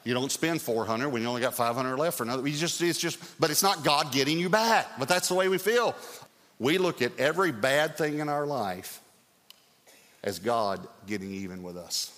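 A middle-aged man preaching a sermon as pastor, telling stories in an animated, lively way. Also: mid-range voice, moderate pace. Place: church sanctuary. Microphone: stage mic. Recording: long hall reverb.

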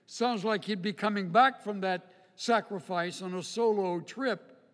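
A man preaching in a long-reverb hall, with a high voice and an unhurried, measured pace. He builds to loud, emphatic peaks and then sinks low and slow. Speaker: pastor. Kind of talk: sermon.

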